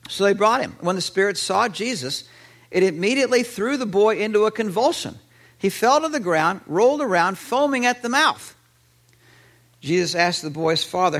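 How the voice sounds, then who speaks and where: A man preaching a sermon, animated, with fillers and restarts. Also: sits high, moderate pace, creaky. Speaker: pastor.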